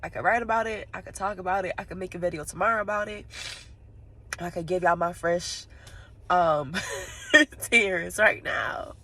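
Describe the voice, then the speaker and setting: A woman's voice: fairly low pitch, brisk, a bit bright, slight background noise. A woman vlogging from inside her parked car, tearful and sniffling, rambling straight to her viewers and laughing through her tears. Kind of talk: casual vlog monologue.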